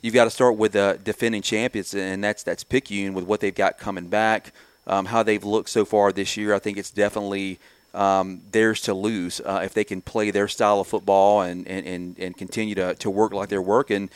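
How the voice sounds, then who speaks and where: A lower-voiced man breaks down football in a fluent, colloquial way, working through comparisons. His voice is smooth and clear. The recording is dry and close. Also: flat delivery, moderate pace, dry recording. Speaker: sports analyst. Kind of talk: casual sports talk.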